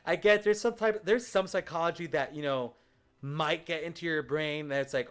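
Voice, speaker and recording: A man's voice: on the high side, lively intonation, normal speed, fairly bright tone. A man hosting a podcast in casual chat, loose and rambling with lots of fillers. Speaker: podcast host.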